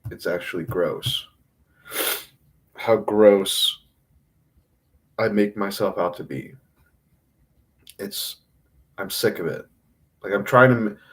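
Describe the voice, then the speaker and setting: A man giving an emotional, self-critical confessional monologue on a livestream, rambling with halting restarts and frequent swearing. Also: lowish voice.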